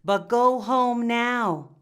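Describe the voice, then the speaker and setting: A woman's voice: a little high, a bit bright, clear, resonant tone. A woman voicing a solemn holy rabbi. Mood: gentle. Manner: slow, solemn, reassuring. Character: holy old male rabbi, gentle and firm.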